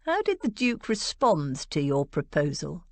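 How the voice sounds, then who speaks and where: A woman voicing a wry gentleman in an audiobook, dry and teasing. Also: low-pitched, wildly swooping pitch, measured pace, no room sound, pitched below the performer's own voice, full character voice.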